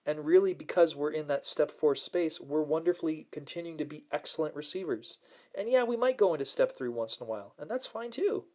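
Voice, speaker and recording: Man, motivational talk host, upbeat, earnest, repeats phrases for emphasis, slightly high voice. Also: darkish tone. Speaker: host and self-help coach.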